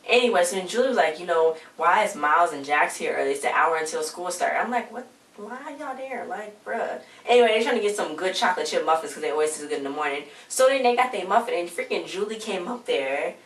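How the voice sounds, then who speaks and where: A woman's voice: fairly low pitch, lively intonation, quick pace, hardly any pauses. A woman casually recapping a TV episode, chatty and full of slang, acting out the characters' lines as she retells the scenes. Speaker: recap vlogger. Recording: roomy, distant home mic with faint noise.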